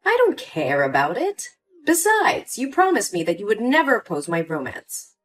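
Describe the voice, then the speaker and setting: A woman's voice: medium pitch, wildly swooping pitch, normal speed, faint music behind. A woman voicing a scheming, manipulative older mother in a dramatized story, sweet on the surface and cold underneath. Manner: sweet at first, then cold and dismissive. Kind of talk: scripted story voice acting.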